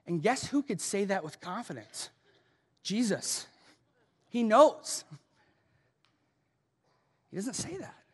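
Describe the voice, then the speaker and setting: A male pastor with an American accent preaching a sermon, emphatic, rising to loud urgency and dropping to hushed softness. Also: sits high, sing-song, slow pace, long pauses, breathy edge. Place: large church auditorium. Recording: long hall reverb.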